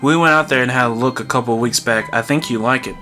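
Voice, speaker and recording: Man doing a gentle middle-aged dad, soothing, persuasive, bright tone, game read-aloud. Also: medium pitch, fast talker, soft background music, natural voice. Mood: coaxing. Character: gentle middle-aged father of a teenage boy.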